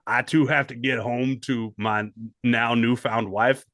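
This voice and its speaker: A man's voice: medium pitch, a little slow, no room sound, clean studio sound. A man co-hosting a comedy podcast, joking and swearing in casual chat. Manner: animated, profane, joking. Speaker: podcast co-host.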